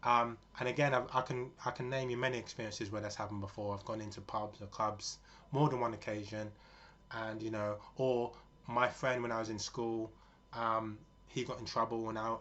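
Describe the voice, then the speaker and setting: A man's voice: on the low side, a bit bright. Earnest man rambling on camera. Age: 40s. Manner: rambling, earnest, full of fillers. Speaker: vlogger. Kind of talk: casual spoken monologue. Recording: dull lo-fi with faint noise.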